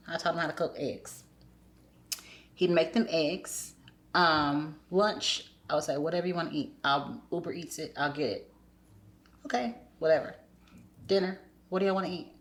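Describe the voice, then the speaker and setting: A woman with a low speaking voice shares a personal story in relaxed podcast conversation. She talks candidly and brings her quotes to life, shifting her tone for each person she mimics. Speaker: podcast guest.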